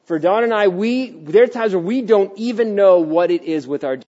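A middle-aged man preaching a sermon as pastor of a church, animated and acting out little voices, sometimes dropping to a hushed tone. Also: high voice, normal speed. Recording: dull lo-fi sound.

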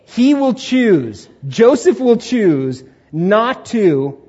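A man preaching a sermon in a church sanctuary, his voice sitting high and swinging widely in pitch. He acts out inner voices and asks the congregation questions, with a slightly husky tone. The recording sounds muffled and lo-fi. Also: sing-song, drawn-out words, darkish tone. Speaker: pastor.

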